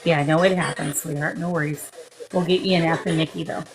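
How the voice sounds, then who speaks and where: A woman's voice: sits low, steady tone, quick pace, background noise. A woman hosting a live-stream psychic session as a medium, calling spirits with endearments and speaking into a phone. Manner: coaxing, affectionate, talks to spirits with endearments.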